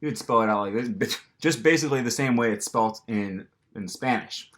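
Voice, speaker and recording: A man's voice: mid-range voice, fairly quick, fairly bright tone. A man with an American accent teaching pronunciation to camera in a casual manner, with frequent ums, and acting out the sounds himself. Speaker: language teacher.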